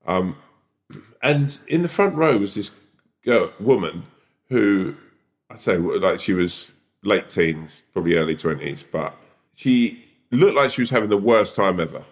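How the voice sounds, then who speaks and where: A stand-up comedian co-hosting a podcast, telling an animated story full of "like" fillers. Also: male voice, fairly low pitch, a little slow. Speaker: podcast co-host. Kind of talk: casual chat.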